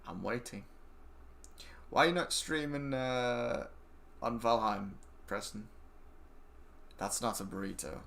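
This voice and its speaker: A man, a game streamer chatting casually and rambling excitably, swearing freely as he talks to friends while he plays. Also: medium pitch, slow pace, vocal fry, pauses often. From England. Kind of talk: casual chat while gaming.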